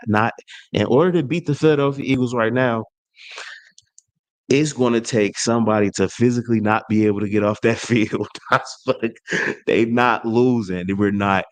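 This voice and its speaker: A man hosting his own sports channel, trash-talking a rival team in an animated rant full of slang and restarts. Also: lowish voice. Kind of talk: fan rant to camera.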